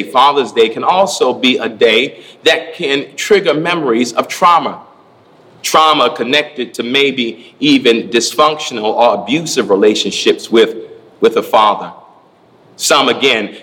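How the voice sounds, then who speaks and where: A man's voice: mid-range voice, fairly bright tone, big-room sound. A man preaching a sermon, building his points through rhythmic repeated phrases. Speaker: pastor.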